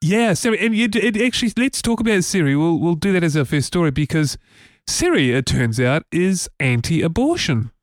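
NZ male co-host, casual rambling talker, slightly high tone, dry close sound. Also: sing-song, moderate pace, dry recording. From New Zealand. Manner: chatty, rambling, many fillers. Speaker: podcast co-host. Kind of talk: casual tech podcast chat.

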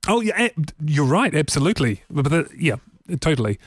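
A man's voice: a little high, very animated, fairly quick, husky, no room sound, studio quality. A man with a New Zealand accent, co-hosting a tech podcast in a chatty, rambling way with frequent laughs. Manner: chatty, laughs often, frequent restarts and fillers. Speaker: podcast co-host. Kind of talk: casual tech podcast chat.

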